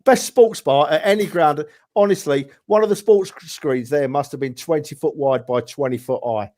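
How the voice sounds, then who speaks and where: A man telling football stories in a casual podcast chat, animated and full of asides, often calling his friends mate. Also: on the high side, moderate pace. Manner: animated storyteller, says "mate" and "right?" a lot. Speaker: podcast regular.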